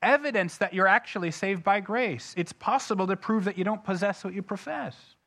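A man's voice: high-pitched, moderate pace, bright, forceful tone. A man preaching a sermon, reading scripture aloud with heavy emphasis and often putting questions to the congregation. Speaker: pastor.

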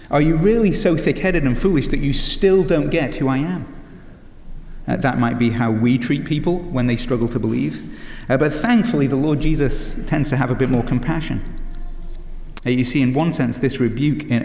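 A man's voice: medium pitch, darkish tone. Guy preaching, lots of uh's and rhetorical questions, echoey church hall. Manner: earnest, many "uh" fillers and restarts, rhetorical questions. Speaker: pastor. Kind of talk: sermon. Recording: echoey hall with long reverb.

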